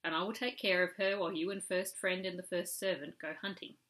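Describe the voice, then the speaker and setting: A woman voicing the first woman of the cave in a storybook reading, calm, firm and declaring. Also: fairly low pitch, a little fast, close to an everyday voice.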